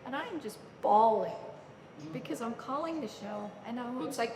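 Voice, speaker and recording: A woman's voice: a little high, a little fast, slight background noise. A middle-aged woman telling stories as an interview guest on stage, acting out the voices of people she quotes. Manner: animated, acts out quoted voices. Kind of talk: storytelling in a live onstage conversation. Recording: echoey hall with long reverb.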